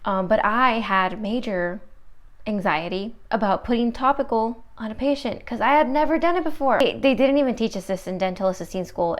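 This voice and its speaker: A young woman, a dental assistant, chatting and telling stories to her viewers in a casual, animated vlog. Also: mid-range voice, clear, resonant tone.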